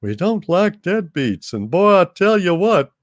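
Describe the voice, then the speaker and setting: A man's voice: high voice, big pitch swings, unhurried, no room sound, studio quality, pitched above the performer's own voice. A man voicing a folksy, middle-aged salesman who is also a ship computer, scolding in a proud, down-home way.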